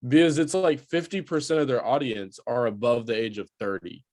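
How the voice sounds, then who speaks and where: Casting: young man, co-host, easygoing, mid-pitched, dry close mic. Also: lively intonation, brisk, a little mellow, dry recording. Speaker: podcast co-host. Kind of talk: casual chat.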